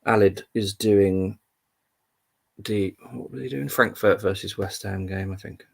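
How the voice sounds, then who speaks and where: A young man hosts a casual live football stream, rambling through score updates with plenty of ums and restarts. His voice is low, gravelly with heavy fry, and a bit husky. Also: a little slow, a little mellow. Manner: rambling, chatty, full of fillers and restarts. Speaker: livestream football update host.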